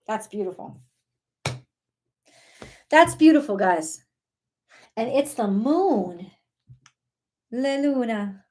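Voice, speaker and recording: A woman giving a casual live tarot reading, excitable, talking to God and her viewers and swearing now and then. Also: fairly high pitch, slow pace, pauses often. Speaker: tarot reader.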